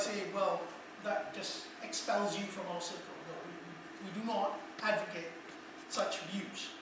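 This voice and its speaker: Man lecturing in an echoey hall. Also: high voice. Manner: measured, explanatory, poses questions to the audience. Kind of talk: conference lecture. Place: conference hall. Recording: echoey hall from far off with noise.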